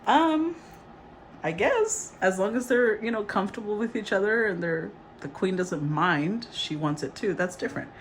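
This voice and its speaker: A woman giving a casual, rambling tarot reading, chatty and quick to laugh. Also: medium pitch, expressive, a little hiss or hum. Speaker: tarot reader.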